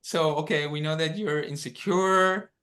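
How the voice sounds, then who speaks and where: A man's voice: on the high side, pushed and bright. A man teaching a dharma workshop over a video call, guiding the group through an exercise and checking in often. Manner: unhurried, checks in often with "okay?".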